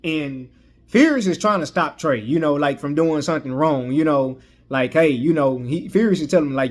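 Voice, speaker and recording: A man's voice: a little high, moderate pace. A man reviewing a movie in a casual recap, rambling with frequent "you know" fillers and restarts.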